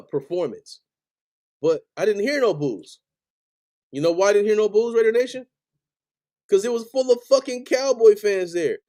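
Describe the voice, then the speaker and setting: A man rants about his team on a sports stream, swearing constantly and repeating his points in anger. His voice sits a little high yet sounds warm and dark rather than bright. He is plainly fed up. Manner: heated, profane, repetitive ranting. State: angry. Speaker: sports podcast host. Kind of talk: angry fan rant on a live stream.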